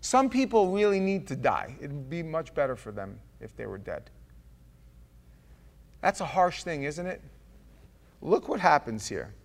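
A male pastor delivers a sermon in an emphatic, conversational style, speaking straight to his congregation. His voice sits a little high for a man and moves between punchy emphasis and quieter asides. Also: very animated, a little slow, vocal fry, pauses often.

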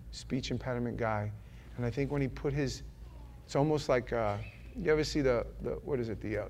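A man preaching a sermon in a loose, conversational way, rambling with restarts and often dropping to a quiet murmur. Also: mid-range voice, slight background noise.

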